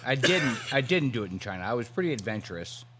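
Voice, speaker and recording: A man's voice: mid-range voice, big pitch swings, fast talker, noisy background. Crude teasing male co-host. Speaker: podcast co-host. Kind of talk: casual chat.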